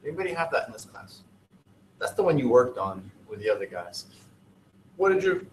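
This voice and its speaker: A man's voice: mid-range voice, very animated, a little fast, reverberant, a little hiss or hum, rough recording. A man teaching a class in a casual, digressive, joking way. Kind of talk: classroom lesson.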